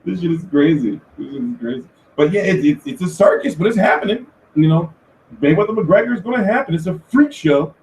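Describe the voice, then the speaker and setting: A man hosting a casual commentary show, talking in an animated, profane rant. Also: sits high, a little fast, a little hiss or hum. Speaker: host. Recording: echoey room, far from mic.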